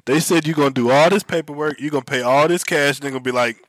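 A man's voice: a little high, quick pace, dry recording. A man joking and teasing in casual banter. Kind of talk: casual chat.

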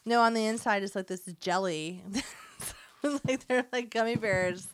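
A woman's voice: medium pitch, unhurried, smooth. A woman co-hosting a podcast in casual chat, giggly and chatty, full of "like". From California. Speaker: podcast co-host.

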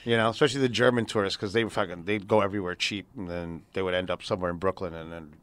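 A man's voice: deep voice, steady tone, rapid-fire, fairly bright tone. A middle-aged man telling profane, streetwise stories in a casual podcast chat. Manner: profane, streetwise storyteller who acts out other people's voices. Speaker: podcast co-host.

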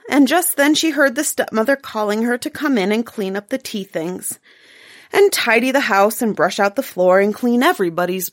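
Woman, storyteller, gentle fairy-tale reading, dry close sound. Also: medium pitch, no echo. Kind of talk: fairy tale read aloud.

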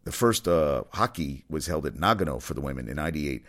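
A man's voice: very deep voice, expressive, brisk, a bit bright. A man hosting a casual opinion commentary, blunt and rambling, swearing freely. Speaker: commentary host.

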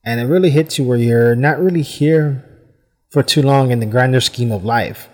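A man's voice: mid-range voice, normal speed, darkish tone, long reverb tail. Rambling, thoughtful American man hosting a podcast. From United States. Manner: rambling, thoughtful, many "I mean" fillers. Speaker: podcast host. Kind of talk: casual reflective monologue. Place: hot room at home with fans running.

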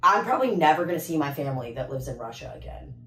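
A woman's voice: deep voice, big pitch swings, quick pace. Laid-back storytelling woman, echoey room. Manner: laid-back, swears freely, tells stories with voiced quotes. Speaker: podcast co-host. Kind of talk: casual chat.

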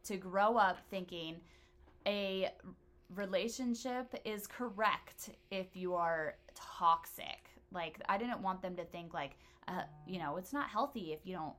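A woman's voice: on the low side, unhurried, fairly bright tone. A woman hosting a casual chat, telling personal stories in a blunt, profane way.

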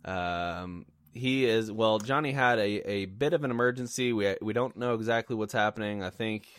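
A male podcast host with a fairly low voice, trading jokes and laughing easily in casual banter. His voice is recorded close and dry, with no room sound. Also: moderate pace, fairly bright tone, clean tone, no echo. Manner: joking, laughs often. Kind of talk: casual comedic podcast chat.

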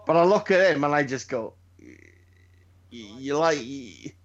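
A man's voice: mid-range voice, animated, a little slow, highs cut off. A man co-hosting a casual wrestling chat, blunt and sweary, stumbling over his words as he builds into rants. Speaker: podcast co-host.

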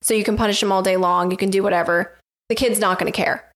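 A woman's voice: mid-range voice, fairly even intonation, fast. Frank, self-assured woman telling a story. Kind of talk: casual chat.

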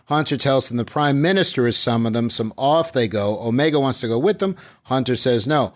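A man co-hosting a podcast recaps an episode with lively energy, breaking into quick character lines as he goes. His voice sits in a middle register, neither high nor low, and he talks in casual chat. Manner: animated recapping, acting out characters' lines with laughs.

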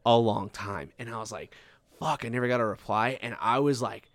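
A young man spins a rambling story in relaxed podcast chat, dropping curses and replaying his past reactions. His voice sits in an ordinary middle range. The sound is close and dry, with almost no room around it. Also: medium pitch, fairly quick, no echo. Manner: swears often, acts out his own past reactions.

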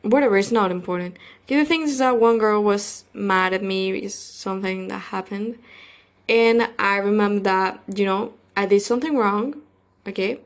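A woman at a middle pitch talks through her solo podcast in a casual, wandering way. She leans on fillers and restarts, and her sentences loosen as she goes. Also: moderate pace. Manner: rambling, filler-heavy, loose grammar. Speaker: podcast host.

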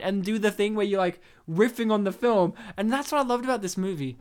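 A woman hosting a casual movie review podcast, talking excitedly and laughing often. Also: mid-range voice, a little fast. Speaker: podcast host.

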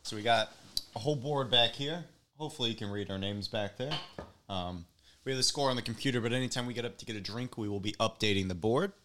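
A man with a bright, lively edge to his voice reads a news item aloud in a casual comedy chat. His pitch sits a little low, and he slips into giggles easily. He talks at a desk mic but keeps leaning away from it. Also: quick pace, slight background noise. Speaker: co-host. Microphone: desk mic, drifts away from it.

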